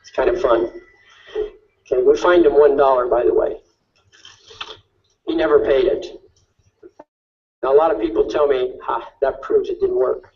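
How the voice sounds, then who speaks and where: A man's voice: mid-range voice, steady tone, moderate pace, pauses often, far from the mic, dull audio. A man giving an instructive talk on court tactics, asking rhetorical questions and often checking in with "okay?". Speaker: speaker on legal tactics. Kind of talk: lecture-style talk.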